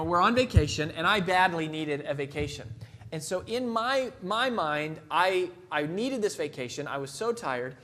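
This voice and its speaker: High-voiced male motivational speaker. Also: fairly bright tone. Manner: conversational, self-deprecating, frequent restarts. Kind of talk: keynote talk with personal stories.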